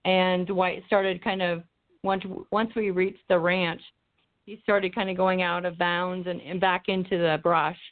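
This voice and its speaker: A woman's voice: on the low side, level tone, a little slow. Woman guest on a tinny call line. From Arizona. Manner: rambling, many ums and restarts. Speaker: guest paranormal investigator. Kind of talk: casual interview storytelling. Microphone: remote call mic, drifting off-mic.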